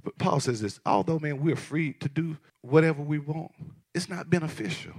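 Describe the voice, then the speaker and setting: A male pastor preaching a passionate sermon, swinging from shouted lines to hushed asides. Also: on the high side, expressive, normal speed, husky.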